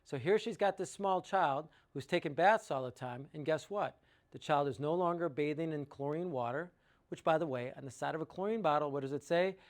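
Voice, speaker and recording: A man's voice: on the high side, a little fast. A man giving an informal sales talk about water treatment, working through sums aloud with enthusiasm and rhetorical questions.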